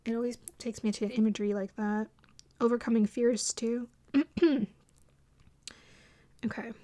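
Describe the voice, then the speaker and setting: Reading tarot cards to camera in a casual, intuitive way, a woman talks in a warm, fairly high voice with fairly even intonation and an unhurried pace. She's chatty and rambling, laughs at her own drama, often restarts sentences and uses many fillers.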